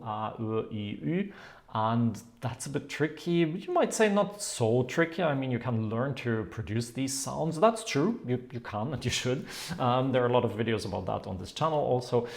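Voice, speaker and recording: A man teaching in an explanatory video lesson, demonstrating sounds and tones in a lively way. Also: mid-range voice. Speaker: language teacher.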